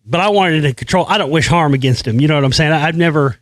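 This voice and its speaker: In a rapid-fire delivery, a fairly high-pitched man rants on his own show, bragging, swearing heavily, and circling back to the same phrases again and again. The studio-quality audio has no echo.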